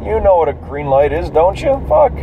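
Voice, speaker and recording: A man's voice: on the high side, sing-song, normal speed, gravelly, narrow, tinny audio. A drowsy man rambling and swearing casually while driving home at night. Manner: profane, rambling, self-amused. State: drowsy, yawning. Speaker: vlogger musing while driving. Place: in a car, driving. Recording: loud car road noise.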